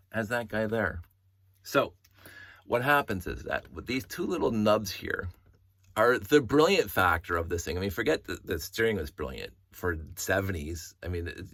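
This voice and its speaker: A middle-aged man excitedly showing toy pieces from his collection, talking in a rambling way with many restarts and tangents. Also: fairly low pitch, moderate pace, no echo. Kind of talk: casual show-and-tell vlog.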